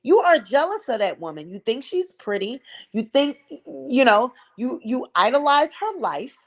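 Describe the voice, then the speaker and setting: A woman's voice: high voice, very animated, unhurried, highs cut off. A woman hosting a casual gossip commentary vlog, blunt, sassy and profane. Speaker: vlog host.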